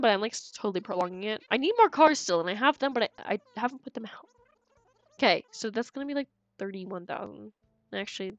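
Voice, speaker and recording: A slightly high-pitched woman streamer gives live game commentary, chatty and giggly, thinking out loud and tripping over repeated words. The recording has no echo, but its high frequencies are cut off.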